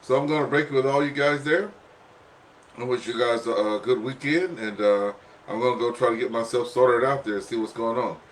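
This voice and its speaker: A man's voice: medium pitch, steady tone, brisk, a little hiss or hum. Ham radio net host, male, casual rambling talk, coughing fits, out of breath. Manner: rambling with many fillers, says "there" often.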